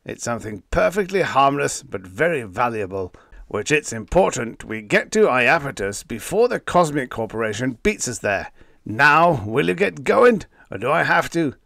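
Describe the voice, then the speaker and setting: Narrator playing a blustering old space skipper, barking orders loud and fast, folksy slang. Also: male voice, mid-range voice, very animated, creaky, no room sound, studio quality. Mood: exasperated. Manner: growling, snapping, folksy grammar. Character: gruff, bossy old male spaceship captain.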